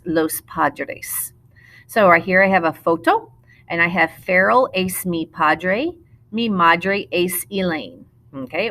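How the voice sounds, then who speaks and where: Woman Spanish teacher, middle-aged, bright voice sitting a little low, patient, slows down to model words. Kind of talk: recorded classroom lesson narration.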